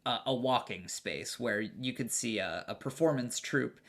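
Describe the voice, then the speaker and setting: A man's voice: medium pitch, unhurried, a bit bright. A man narrating as game master of a tabletop game, casual and profane, with many fillers and restarts.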